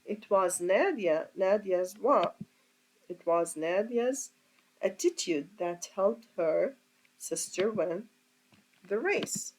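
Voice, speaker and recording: A woman's voice: medium pitch, expressive, darkish tone, slight background noise, low-quality recording. A woman teaching a grammar lesson as an English teacher, explaining step by step and asking her class rhetorical questions. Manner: slow, deliberate, asks rhetorical questions.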